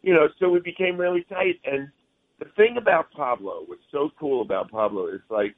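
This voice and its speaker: A man's voice: a little high, normal speed. Rambling male musician on a phone line. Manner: rambling, friendly, says "man" often. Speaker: guest musician. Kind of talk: phone interview chat.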